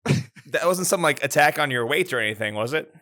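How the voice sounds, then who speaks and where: A man chats as a podcast guest, reacting with dry, gently teasing remarks. His voice is slightly high and bright. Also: expressive, a little fast. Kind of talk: casual chat.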